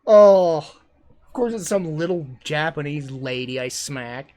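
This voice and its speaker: A man streaming casual commentary over his old travel videos, rambling and self-deprecating, quick to exclaim. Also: a little high, lively intonation.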